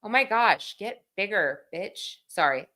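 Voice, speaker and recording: A woman's voice: medium pitch, expressive, a little slow, sharp tone. A woman in her thirties hosting a livestream, chatting casually, reading comments aloud and laughing at herself. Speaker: livestream host.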